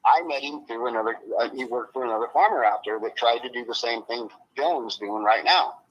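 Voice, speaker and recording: A man's voice: medium pitch, fairly quick, muffled recording. A man speaking as an interview guest, blunt and swearing freely, his voice rising when he gets upset. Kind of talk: emotional interview on a live stream.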